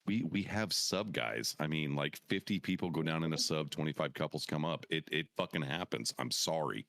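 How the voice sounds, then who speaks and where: A man's voice: rumbling low, lively intonation, normal speed, gravelly, fairly bright tone, dry recording, clean studio sound. A man hosting a veterans podcast, talking casually and brashly with lots of profanity and trash talk. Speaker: podcast host.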